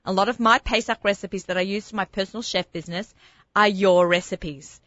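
A woman with an Australian accent hosting a radio talk show, chatty and enthusiastic with quick laughs. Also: medium pitch, fairly even intonation, a bit bright, no echo, lo-fi sound. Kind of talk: casual radio interview. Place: radio studio.

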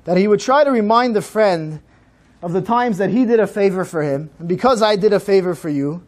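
A man speaks at a synagogue program in a high voice. His delivery is slow and measured, the steady cadence of a solemn sermon. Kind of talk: solemn sermon-style talk.

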